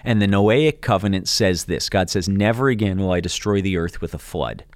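Low-voiced man explaining earnestly. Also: a little fast, no echo, studio quality. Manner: earnest, explanatory, wry asides. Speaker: co-host. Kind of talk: podcast teaching conversation.

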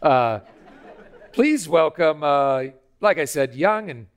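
Pompous male host, played by a man, lively swooping pitch, hammy announcer drawl. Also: takes it slowly, clear, resonant tone, a faint crowd. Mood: announcing. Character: pompous middle-aged male talk-show host. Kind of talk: comic podcast banter.

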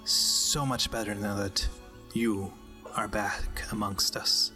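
A man's voice: on the low side, steady tone, takes it slowly, sharp tone, soft background music, heavily acted. A man voicing an aloof noble duke. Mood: cool. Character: aloof noble male duke, cool and curt.

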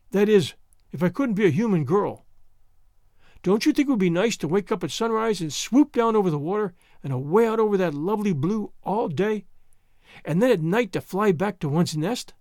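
A man's voice: sits high, lively intonation, normal speed, darkish tone, no room sound, clean studio sound. A man reading an audiobook, voicing a talkative orphan girl of about eleven who wonders eagerly at everything. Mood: dreamy.

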